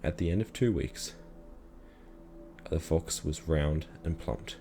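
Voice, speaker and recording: A man calmly reading a children's story aloud in a measured storytelling manner. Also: a bass voice, creaky, soft background music. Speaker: reader.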